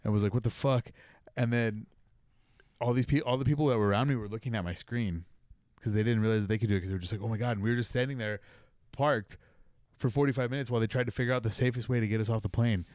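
A man's voice: mid-range voice, quick pace, darkish tone, dry recording, clean studio sound. A man in casual conversation, telling a long anecdote in a laid-back way with frequent swearing. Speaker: podcast guest. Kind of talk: casual storytelling.

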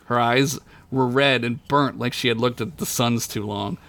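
A man's voice: medium pitch, steady tone, normal speed, fairly bright tone. A man narrating a tabletop story as game master in a crude comedic style, breaking into laughter at his own jokes.

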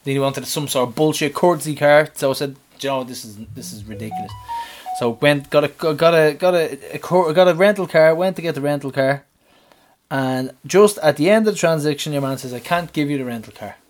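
A man, co-hosting a podcast and animatedly retelling his week, swearing and shouting out the lines he quotes. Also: fairly high pitch, brisk. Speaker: podcast co-host. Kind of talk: casual storytelling chat.

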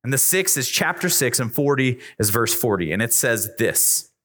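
A man preaching an emphatic, repetitive youth sermon in a church youth room. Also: moderate pace. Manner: emphatic, repetitive preaching that climbs in pitch when excited. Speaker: youth pastor.

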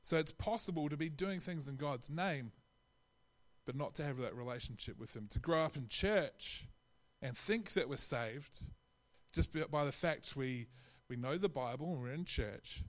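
Conversational male preacher, slightly high voice. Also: lively intonation, moderate pace. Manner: conversational, with frequent restarts and acted-out quotes. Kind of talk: sermon.

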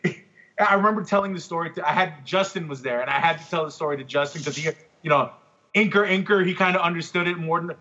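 Bright, husky-voiced man telling stories. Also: a little high, quick pace, dull audio. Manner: animated, profane storytelling. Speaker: podcast guest, comic artist. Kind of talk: casual podcast chat.

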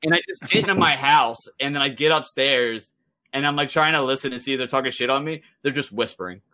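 A young man with a bright, forceful voice, co-hosting a casual podcast. He tells his story loosely and with animation, drops swear words, and acts out the lines of the people he met. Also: mid-range voice, brisk. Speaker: podcast co-host.

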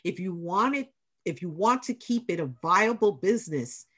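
A woman's voice: fairly low pitch, animated, moderate pace, a bit bright. A middle-aged woman with a New York accent, hosting a casual podcast interview and stressing her points with repetition and encouragement. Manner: emphatic, repeats key points, encouraging. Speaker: podcast host, small business center director.

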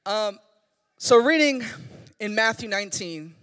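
Young guy kids pastor, high voice, goofy slangy sermon, big echoey hall. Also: unhurried. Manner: animated, joking, slangy storytelling. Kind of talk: casual sermon. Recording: long hall reverb.

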